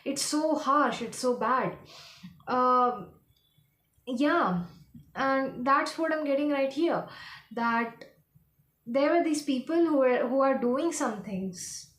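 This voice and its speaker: A woman giving a casual tarot reading, rambling and halting as she hunts for her words. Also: high voice, a bit bright, reverberant. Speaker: tarot reader.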